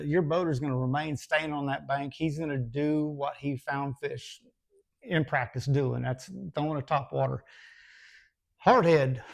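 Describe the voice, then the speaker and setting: A man with a somewhat raised pitch and a gravelly, fry-laden edge talks through his tips casually. His delivery is folksy and rambling, full of restarts and fillers, like an instructor thinking out loud. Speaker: bass fishing instructor.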